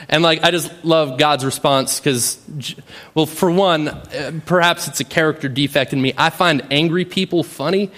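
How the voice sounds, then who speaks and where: A man's voice: fairly high pitch, a bit bright. A man preaching a sermon in a conversational way, often adding "right?" and reading scripture aloud with rising emphasis. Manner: conversational, often adds "right?" as a tag question. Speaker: pastor.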